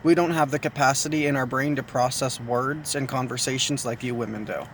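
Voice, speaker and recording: A man's voice: mid-range voice, fairly even intonation, a little fast, a bit bright, slight background noise. A man hosting a casual video talk with his partner. He is chatty and pokes fun at himself, and he explains his points by repeating phrases. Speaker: video host.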